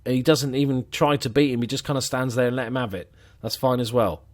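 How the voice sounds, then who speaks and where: A man's voice: medium pitch, steady tone, fairly quick. A man giving sarcastic, muttering commentary while playing a football management game. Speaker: gaming commentator.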